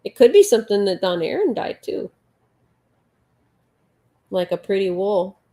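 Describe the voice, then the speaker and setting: A woman with a mellow, mid-range voice hosts a relaxed late-night livestream, her pitch swinging widely as she speaks at a measured pace. She quietly counts her crochet stitches and chats while reading viewer comments aloud.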